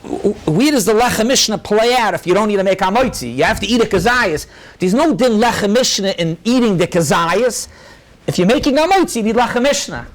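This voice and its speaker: High-voiced rabbi teaching a class. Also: male voice, lively intonation, a little hiss or hum. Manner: brisk, explanatory, quotes sources and answers questions; mixes many Hebrew and Yiddish terms into English. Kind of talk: halachic lecture to a live audience.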